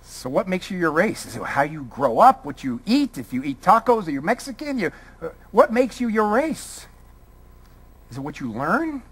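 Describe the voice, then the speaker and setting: A man's voice: high-pitched, sing-song, normal speed, slightly rough. A man from Brooklyn giving a college lecture, firing a string of rhetorical questions at the audience. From Brooklyn, New York. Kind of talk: public lecture.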